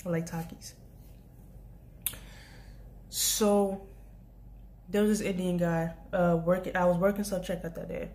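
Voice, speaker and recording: A woman's voice: lowish voice, flat delivery, a little slow, pauses often, mellow. A young woman vlogger telling a casual storytime about her job, rambling with many restarts and asides. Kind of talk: storytime vlog.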